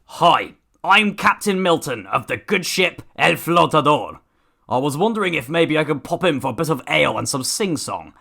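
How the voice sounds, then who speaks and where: Brief: well-spoken storybook boy captain, bright and a bit gravelly, voiced by a man. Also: fairly high pitch, sing-song, normal speed, full character voice. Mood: earnest. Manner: eager, well-spoken and jolly. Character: earnest young boy ship captain, polite. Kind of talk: audiobook character acting.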